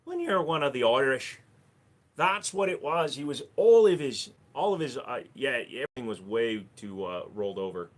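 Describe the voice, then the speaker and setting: A man's voice: medium pitch, expressive, moderate pace. A man hosting a casual livestream, reading chat messages aloud and answering with crude jokes. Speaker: livestream host.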